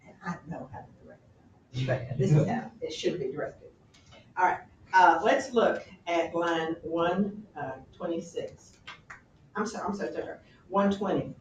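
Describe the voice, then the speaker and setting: A woman teaching a class, talking in an animated, chatty way and often correcting herself, recorded from a distance in a classroom. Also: fairly low pitch, moderate pace, reverberant, slight background noise. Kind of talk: classroom lecture on a play.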